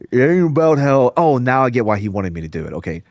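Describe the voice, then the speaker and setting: Brief: a male podcast host, joking and animated, dry close sound. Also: medium pitch, brisk, no room sound. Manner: joking, reads out viewer tips. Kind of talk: casual chat.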